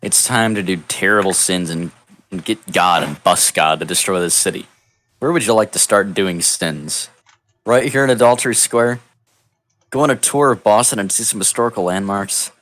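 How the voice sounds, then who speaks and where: A man narrating an improvised comedic text adventure in a deadpan, mock-epic storybook manner over a voice call. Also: fairly low pitch, normal speed. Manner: deadpan, absurd storybook delivery. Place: online voice call.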